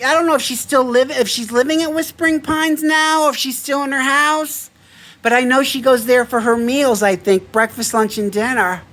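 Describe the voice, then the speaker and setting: A man casually telling a story to camera, chatty and excitable, laughing easily. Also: very high voice, moderate pace. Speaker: vlogger.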